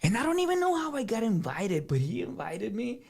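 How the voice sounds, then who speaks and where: High-voiced dude telling a story, animated, laughs a lot. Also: male voice, a little fast, vocal fry. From South Texas. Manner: animated, laughing, repeats words. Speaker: guest musician. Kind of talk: casual storytelling.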